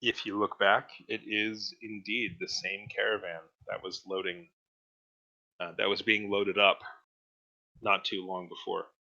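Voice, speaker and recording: A low-voiced man narrating as game master, relaxed and hesitant, with a forceful, bright tone. The sound comes through a slightly dull lo-fi mic. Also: a little slow.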